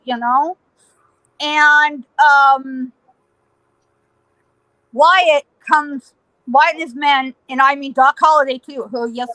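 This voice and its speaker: Middle-aged woman, podcast guest, high bright voice, dry close sound, animated storyteller who laughs a lot. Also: no room sound, poor audio. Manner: lively, laughing, acts out voices in her story.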